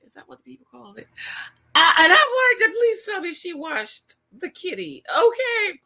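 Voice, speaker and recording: Woman, sassy casual recap host, very bright tone. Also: very high voice, big pitch swings, moderate pace. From Jamaica. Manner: chatty, sassy, laughs and asks viewers questions. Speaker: reality show recap vlogger. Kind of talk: casual reaction commentary.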